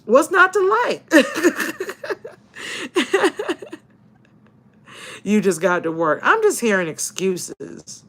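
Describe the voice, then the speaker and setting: A woman's voice: high-pitched, sing-song, extremely slow, pauses often, fairly bright tone, slightly rough. A woman chatting casually on a livestream, reading viewer comments, laughing often and swearing playfully in slang. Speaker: YouTuber and paranormal investigator.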